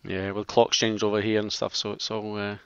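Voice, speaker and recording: Scottish man, podcast co-host, easygoing banter, quick talker, dry lo-fi recording. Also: lowish voice, completely flat delivery, vocal fry, clean tone, no echo. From Scotland. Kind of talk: casual chat.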